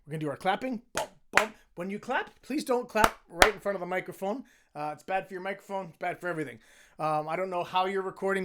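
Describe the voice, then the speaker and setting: A man in his middle years leads a choir through its parts, his voice sitting high and worn rough from cheering. He talks casually and pokes fun at himself between sung demonstrations. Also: very noisy. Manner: chatty and self-deprecating, sings phrases to demonstrate. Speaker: choir director. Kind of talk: conducting instructions for a choir.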